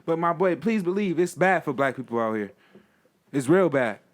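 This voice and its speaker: A man's voice: fairly high pitch, lively intonation, moderate pace. A man speaking earnestly and in slang in a casual podcast debate, drawing on his own experience. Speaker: podcast co-host.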